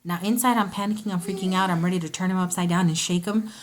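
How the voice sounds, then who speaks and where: A woman talks casually to her viewers as she shows a shopping haul. She rambles, goes off on side stories and corrects herself mid-sentence, with a relaxed, homey way of talking. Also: lowish voice, fast talker. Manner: chatty, rambling, self-interrupting. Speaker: vlogger. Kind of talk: casual haul video chat.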